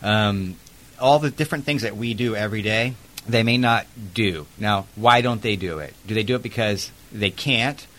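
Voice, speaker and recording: A man's voice: fairly low pitch, moderate pace, fairly bright tone. A man who works as an investigator, telling a work story in a chatty interview with plenty of fillers. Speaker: protective services investigator.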